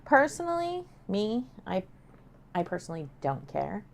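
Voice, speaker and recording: A woman's voice: medium pitch, very animated, moderate pace, vocal fry, slight background noise. A woman co-hosting a casual talk show, talkative and joking, with frequent fillers. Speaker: podcast co-host. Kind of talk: casual chat.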